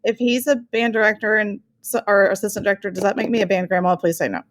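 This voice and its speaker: A woman's voice: mid-range voice, fairly even intonation, fast. A middle-aged woman, a band parent, chatting on a podcast with self-deprecating humor. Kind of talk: casual podcast chat.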